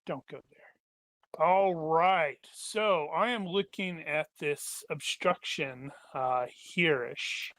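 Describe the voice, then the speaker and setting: Higher, bright-voiced joking gamer. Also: male voice, drawn-out words, no room sound. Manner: playful, joking and thinking aloud. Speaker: player. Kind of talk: tabletop game chat.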